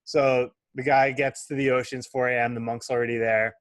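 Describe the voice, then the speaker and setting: Animated young male interview host. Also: mid-range voice, fairly quick, no room sound. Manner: energetic, animated storyteller. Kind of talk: interview with storytelling.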